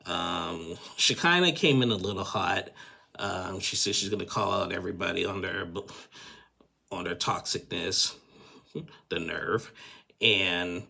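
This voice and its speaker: Man, low gravelly voice, opinionated casual recap host, filler-heavy. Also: bright, forceful tone. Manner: chatty, opinionated, full of fillers. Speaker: reality TV recap creator.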